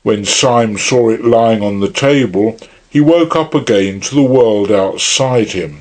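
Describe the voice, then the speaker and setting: A man narrating an audiobook in a measured, unhurried reading style. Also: lowish voice, darkish tone. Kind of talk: scripted narration.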